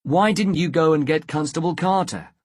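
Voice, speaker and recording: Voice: medium pitch, moderate pace, darkish tone, no room sound, clean studio sound, lightly acted. A reader voicing a friendly, curious father in a children's storybook.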